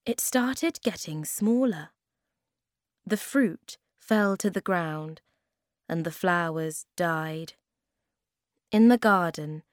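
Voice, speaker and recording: A woman reading a children's story aloud at a slow, clear, even pace. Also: fairly low pitch, dry recording, studio quality.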